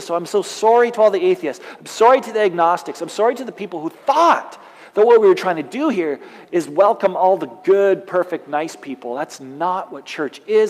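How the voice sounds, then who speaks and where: A man preaching a sermon, emphatic, with dramatic pauses and swings from loud to soft. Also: sits high. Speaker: pastor. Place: church. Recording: long church hall reverb.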